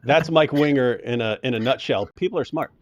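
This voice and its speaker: A man's voice: medium pitch, brisk, dry recording, muffled recording. A man hosting a casual livestream, reading chat comments and mocking his subject between laughs. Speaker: host.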